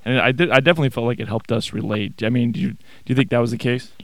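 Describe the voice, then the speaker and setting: A man's voice: medium pitch, fairly even intonation, very fast, fairly bright tone, no room sound. A man interviewing as a fan, eagerly asking about the old shows. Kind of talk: casual interview question.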